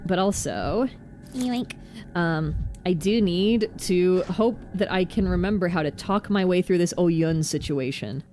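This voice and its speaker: A woman vtuber chats through a game in casual commentary. Her voice sits low with a warm, mellow tone. She jumps between quick self-mocking asides. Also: soft background music. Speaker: vtuber streamer.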